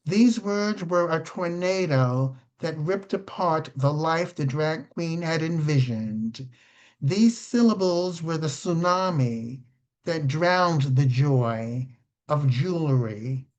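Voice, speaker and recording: A man reads a poem aloud very slowly. He takes his time and weighs each word. The voice comes through a video call. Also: a little high, darkish tone. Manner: slow, measured recital. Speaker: poet reading. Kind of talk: poetry reading.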